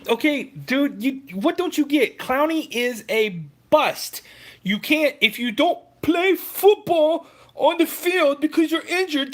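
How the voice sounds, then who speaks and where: Heated, profane high-voiced man ranting. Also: fairly bright tone. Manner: heated, combative, profane, addressing commenters. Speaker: sports rant host. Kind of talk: profane sports rant.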